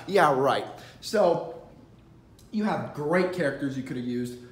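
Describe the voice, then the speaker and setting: A man doing a loud, profane comedic rant into a phone on a selfie stick, swearing and laughing as he stammers through his points. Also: a little high, normal speed, reverberant. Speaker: vlogger.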